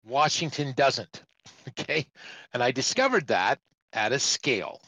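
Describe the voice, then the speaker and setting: Middle-aged trucker, chatty storyteller, mid-pitched voice, dry close sound. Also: male voice, measured pace, slightly rough, no echo, rough recording. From Canada. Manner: rambling, animated, acts out the voices of other people. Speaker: truck driver telling a story on a trucking talk show. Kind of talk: casual storytelling.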